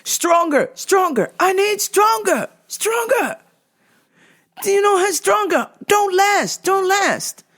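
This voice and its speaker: A woman doing a frantic, desperate man who yells in clipped, broken phrases. His voice is pitched far above her own and swings wildly as he insists on something stronger. He is pushy and keeps repeating himself. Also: expressive, slow, heavily acted. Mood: frantic insistent.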